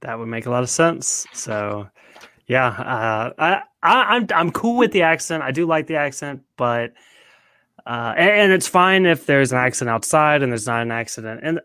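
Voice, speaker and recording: A man's voice: a little high, sharp tone, no echo. A man co-hosting a podcast in a casual recap chat, often asking his co-host's opinion. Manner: conversational, asks his co-host questions. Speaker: podcast co-host.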